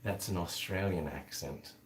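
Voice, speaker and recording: A man's voice: low-pitched, measured pace, slight background noise. A man hosting a casual livestream, rambling with many fillers as he answers viewer comments. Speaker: livestream host.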